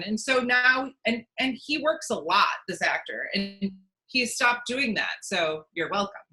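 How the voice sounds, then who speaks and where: Bright-voiced chatty woman. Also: medium pitch, animated, measured pace, poor audio. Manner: chatty, with many restarts and fillers. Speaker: casting director. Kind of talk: casual interview answers. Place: at home.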